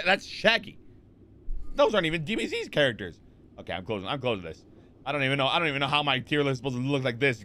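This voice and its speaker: Bright-voiced man rambling to stream chat. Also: medium pitch. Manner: rambling, animated, lots of fillers and repeats; reads chat messages aloud and answers them. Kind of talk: casual chat with stream viewers. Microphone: desk microphone.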